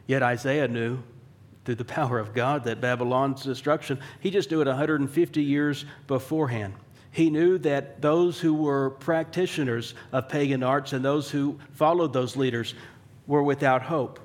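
Male pastor, mid-pitched, conversational sermon delivery, wry asides, rhetorical questions. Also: fairly even intonation, moderate pace. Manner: conversational preaching, asks the room rhetorical questions; dry wry humor.

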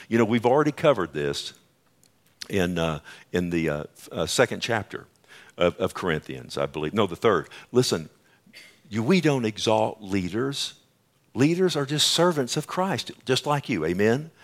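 Low-voiced man preaching a sermon. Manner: emphatic preaching with rhetorical questions and sudden rises. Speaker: pastor.

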